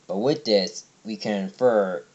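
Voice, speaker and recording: A man's voice: lowish voice, unhurried, a little mellow, muffled recording. A young man casually recapping and reviewing a cartoon episode, rambling with many fillers and restarts. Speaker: video reviewer.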